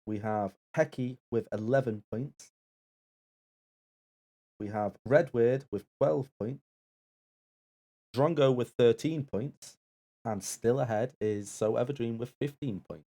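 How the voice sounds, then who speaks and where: A man co-hosting a live game stream who reads out scores and chats in a plain, unhurried way. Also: mid-range voice, mellow. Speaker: co-host and scorekeeper. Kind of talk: casual live-stream banter.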